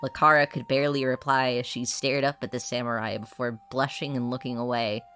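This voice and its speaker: A man playing an exasperated male warrior who reads a cheesy romance aloud and keeps protesting loudly. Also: medium pitch, level tone, brisk, soft background music, lightly acted. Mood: reading. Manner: grumbling, loud protesting outbursts. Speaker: player character. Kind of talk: in-character dramatized reading in a tabletop game.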